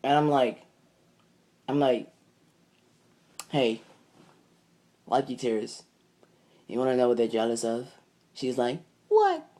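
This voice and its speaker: A man's voice: medium pitch, level tone, takes it slowly, long pauses, mellow. A young man vlogging a casual, rambling story, swearing freely and retelling it line by line. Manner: rambling, profane, retells with "I'm like".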